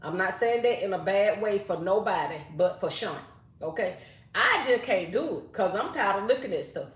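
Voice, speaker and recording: A woman's voice: medium pitch, animated, moderate pace. Chatty older woman, roomy echo. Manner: chatty, sassy, reads viewer comments aloud. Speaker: live stream host. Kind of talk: casual live chat with viewers.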